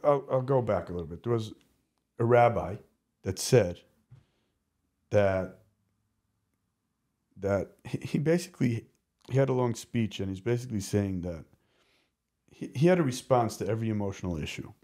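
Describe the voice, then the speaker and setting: A man speaking as a podcast guest, telling candid personal stories in an animated, rambling way, often restarting his sentences. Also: fairly low pitch, normal speed, pauses often. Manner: animated, rambling, self-interrupting. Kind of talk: candid conversational storytelling.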